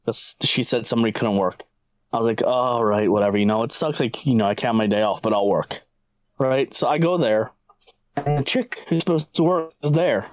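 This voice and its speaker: A man's voice: medium pitch, fairly quick, no echo, poor audio. A man on a casual podcast, telling a crude work story full of profanity and laughter. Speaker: podcast co-host.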